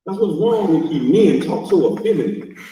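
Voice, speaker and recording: A man's voice: high-pitched, expressive, normal speed, mellow, recorded from a distance. A middle-aged man hosting a livestream, ranting and mocking in a profane, scolding way. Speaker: livestream host. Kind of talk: heated reaction rant. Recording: echoey, from off-mic.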